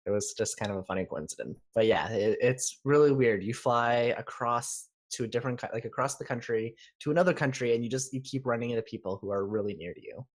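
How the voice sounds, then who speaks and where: A man's voice: medium pitch, fast, hardly any pauses. A man from Canada co-hosting a gaming podcast, telling stories in an easygoing way. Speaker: podcast co-host. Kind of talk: casual chat.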